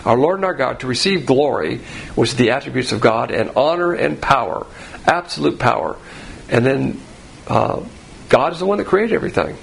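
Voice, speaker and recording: A man giving an expository Bible sermon in a plain, conversational teaching tone, rising sharply in pitch to stress key points. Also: animated, normal speed, creaky, slight background noise, low-quality recording.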